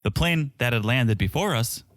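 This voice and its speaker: A man's voice: medium pitch, expressive, normal speed, no echo, clean studio sound. A man co-hosting a podcast, recapping a reality show in casual, chatty talk and laughing often. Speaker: podcast co-host.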